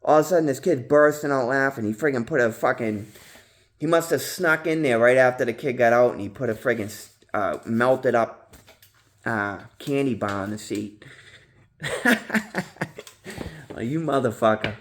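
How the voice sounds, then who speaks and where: A man talking casually to his viewers about recovery, rambling with slang, swearing and many fillers, jumping loud and high when he acts out his own past yelling. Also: normal speed, long pauses. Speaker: vlogger in recovery. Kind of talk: casual monologue to camera.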